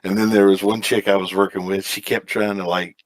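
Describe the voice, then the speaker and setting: A man's voice: low voice, flat delivery, brisk, dry recording. A man from South Carolina chatting casually and in a rambling, self-deprecating way as a player on a game stream. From South Carolina, USA. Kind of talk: casual chat.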